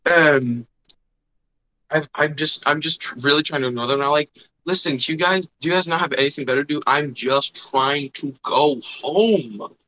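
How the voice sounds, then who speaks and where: A man's voice: a little high, normal speed, sharp tone. A young man casually telling a long story on a podcast, rambling with fillers and acting out the other people's voices. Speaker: podcast host. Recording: dull lo-fi sound.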